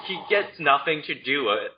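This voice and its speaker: Podcast co-host, relaxed everyday man, casual movie talk, dull recording with faint noise. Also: fairly high pitch, normal speed. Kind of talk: casual movie-review chat.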